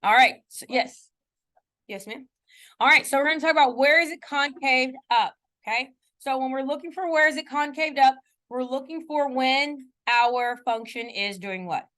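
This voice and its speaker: Speaking at a moderate pace in a high-pitched, fairly bright voice, a woman runs a relaxed math class. Self-mocking asides about her slips come often, as do check-ins with her students.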